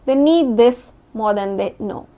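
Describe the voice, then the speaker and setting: A woman giving a scripted lesson on interview communication, speaking in a measured, emphatic way with firm falling endings. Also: fairly high pitch, mellow, muffled recording. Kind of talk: scripted instructional talk.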